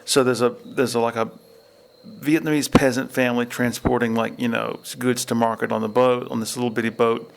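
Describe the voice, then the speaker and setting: A man with a gravelly voice chats casually outdoors, wandering from one film story to the next. Faint outdoor noise sits behind him. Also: medium pitch, flat delivery, brisk. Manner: rambling storyteller, acts out film quotes. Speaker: podcast host. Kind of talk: casual chat. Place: outdoors at a state park by a river.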